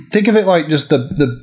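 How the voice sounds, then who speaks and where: Casual male talker with a somewhat high voice who gets loud and animated acting out scenes. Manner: animated storyteller, swears freely, acts out movie scenes. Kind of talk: casual chat.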